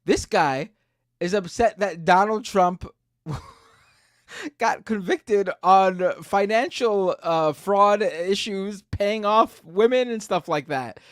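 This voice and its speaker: Guy cohosting a political livestream, laughs a lot, jumps in with quick asides, dry mic. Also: high-pitched, a bit bright, dry recording. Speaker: podcast co-host. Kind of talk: casual live-stream commentary.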